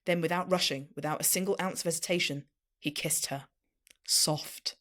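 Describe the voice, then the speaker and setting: A woman co-host with a voice a little lower than most. She chats casually, swears and laughs a lot, then turns to reading romantic fan fiction aloud to her co-hosts. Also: fairly even intonation, moderate pace, fairly bright tone. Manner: swears freely, laughs often while talking. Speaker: podcast co-host.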